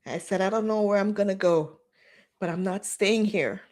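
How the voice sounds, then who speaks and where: A woman's voice: mid-range voice, normal speed. Candid woman telling her story. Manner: candid, emotional, animated retelling with quoted dialogue. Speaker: livestream host. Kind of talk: personal storytelling livestream.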